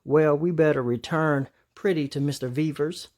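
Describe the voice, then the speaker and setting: A man's voice: a little high, normal speed, a little mellow, lightly acted. A man reading a storybook aloud, voicing a mischievous, scheming boy chipmunk with a cheeky, wheedling manner. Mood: brisk.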